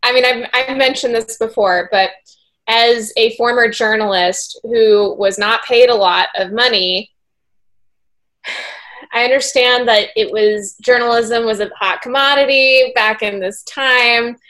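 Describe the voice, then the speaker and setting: A woman co-hosts a casual movie chat, dropping exasperated, laughing asides. Her voice sits fairly high and her delivery is unhurried. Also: fairly even intonation, fairly bright tone. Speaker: podcast co-host, former journalist.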